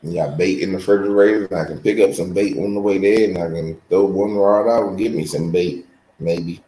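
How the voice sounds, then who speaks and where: A man's voice: low-pitched, fairly even intonation, fairly quick, mellow. A man chatting casually as co-host in a laid-back drawl. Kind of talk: casual chat. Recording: echoey room, faint noise.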